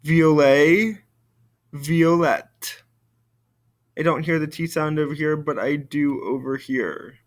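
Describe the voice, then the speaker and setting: Male French teacher, fairly high voice, slow careful model pronunciation for a recorded lesson.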